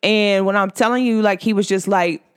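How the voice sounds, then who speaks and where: A woman hosting her podcast, talking casually about spirituality and telling a personal story in an animated way, full of "like". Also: medium pitch, moderate pace, clean tone. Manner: animated storytelling, filler-heavy with frequent "like". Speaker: podcast host.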